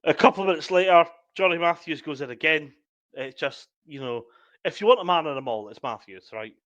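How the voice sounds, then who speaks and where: A man's voice: fairly high pitch, expressive, fairly quick, a bit bright, no echo, dull audio. A man, co-hosting a casual podcast and walking through match moments step by step. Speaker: podcast co-host. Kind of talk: casual sports chat.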